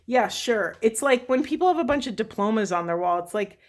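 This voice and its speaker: A woman's voice: a little high, expressive, brisk. A woman talking through a spiritual tarot reading for her viewers, emotional and often correcting herself as she goes. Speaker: tarot reader.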